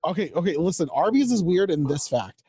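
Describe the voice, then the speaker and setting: On a podcast recorded through a home mic over a video call, a male co-host rambles casually about food and guitar gear. His voice sits high with big pitch swings and a brisk pace, mellow yet slightly rough, and the recording is dry and rough.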